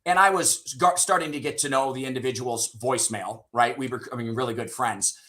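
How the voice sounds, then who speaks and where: Man, middle-aged, interview guest, candid storyteller, keeps asking right?, medium pitch. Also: fairly quick, pushed and bright. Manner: candid, swears casually, frequent "right?" tags. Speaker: sales leader and author, guest.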